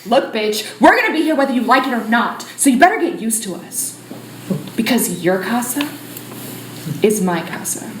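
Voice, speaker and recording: A woman's voice: on the high side, lively intonation, normal speed, reverberant, noisy background, lightly acted. A woman playing a sassy valley-girl disorder. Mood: bossy. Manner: chirpy, sassy, swears casually, lots of "like". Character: bubbly crude valley-girl personified borderline disorder, female. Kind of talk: live stage monologue acting. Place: small theatre stage, indoors.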